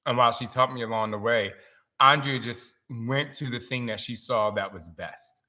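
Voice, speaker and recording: Speaking at normal speed in a mid-range voice, a forties-aged man leads a relaxed live-stream conversation. He tells his stories in an emotional, animated manner.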